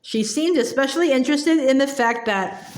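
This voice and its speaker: A woman narrating a storybook aloud in a calm, measured way. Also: high-pitched. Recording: echoey room.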